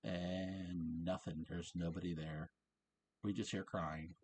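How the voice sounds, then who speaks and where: A man's voice: deep voice, little pitch movement, slow pace, a little mellow, slight background noise. A man casually recapping a TV episode, chatty and laughing often, quoting lines in passing. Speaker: show reviewer.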